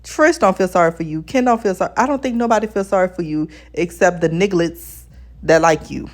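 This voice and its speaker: Woman vlogger, fairly low pitch, blunt and fed-up in tone, chatting to her viewers like friends. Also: fairly quick. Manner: blunt, exasperated ranting; addresses viewers as besties. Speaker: TV show reviewer. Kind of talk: casual vlog commentary.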